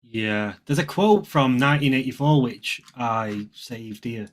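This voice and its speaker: A man co-hosting a podcast discussion, talking in a halting way and searching for words. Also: medium pitch. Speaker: podcast co-host. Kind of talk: casual discussion.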